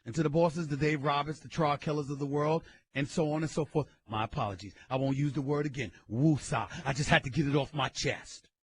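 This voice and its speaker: A man hosting a sports radio show, ranting loudly and emphatically with frequent bursts of shouting into a studio mic. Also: fairly high pitch, steady tone, fast, hardly any pauses. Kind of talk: opinionated sports radio talk.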